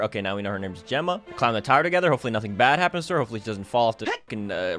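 A young man streaming a video game, excitable and joking with crude language and quick laughter. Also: medium pitch, soft background music. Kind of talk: live let's-play commentary.

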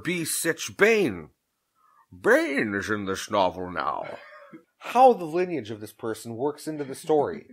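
A man's voice: medium pitch, slightly rough. A man narrating an audiobook, bantering casually between takes with crude jokes and frequent laughter. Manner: crude joking, laughing often.

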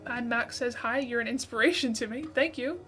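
A woman's voice: fairly high pitch, brisk, faint music behind. A woman in her twenties hosting a casual gaming livestream, chatting and thanking viewers for gifts. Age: 20s. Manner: reads out viewer messages, thanks gifters excitedly. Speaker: livestream host.

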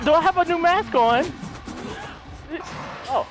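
A young man giving excited co-op gameplay commentary, loud and shrieking with swearing outbursts. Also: very high-pitched, measured pace, long pauses, music in the background. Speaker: gaming YouTuber.

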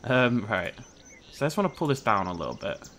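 A man's voice: medium pitch, big pitch swings, fairly quick, noisy background. A young man chatting casually through a gameplay video, joking and talking to the animals on screen. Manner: chatty, jokey, talks to the animals, sudden shrieks of surprise. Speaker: gaming video host. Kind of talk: casual let's play commentary.

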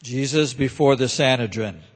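A man narrating a scripture reading in a steady, solemn way, in a large church. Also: mid-range voice, normal speed. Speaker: reader. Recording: echoey church hall.

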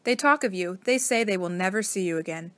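A woman reading the part of a sorrowful captive man in a storybook, quiet and resigned. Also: mid-range voice, lively intonation, fairly quick, lightly acted.

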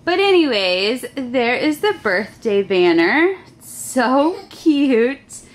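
A woman's voice: high-pitched, sing-song, slow. A young American woman vlogging at home in her kitchen, chatting casually and using doting baby-talk with her toddler. She is pregnant and sounds close to tears in places. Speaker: family vlogger.

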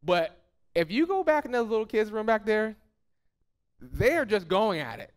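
A man preaching a fervent, emphatic sermon as a pastor, repeating phrases and dropping soft and low at the end of his points. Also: sing-song, normal speed.

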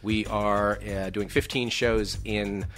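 Give me a lowish, bright-sounding man hosting a podcast with playful questions. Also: fairly even intonation, faint music behind. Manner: teasing, quick questions. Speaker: podcast host. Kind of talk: casual interview chat.

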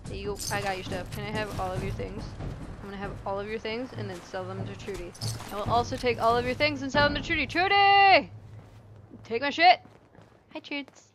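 Playful high-voiced young woman gamer. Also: steady tone, a little fast. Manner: playful, silly and swearing. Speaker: gaming YouTuber. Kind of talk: let's play commentary. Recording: voice over game music.

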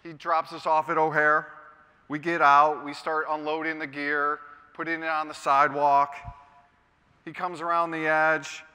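A middle-aged man, a radio host, telling a personal story on stage with dramatic pauses. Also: fairly high pitch, level tone, clean tone. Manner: dramatic storytelling, quiet and heavy at moments. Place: large conference hall. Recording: hall reverb from a stage.

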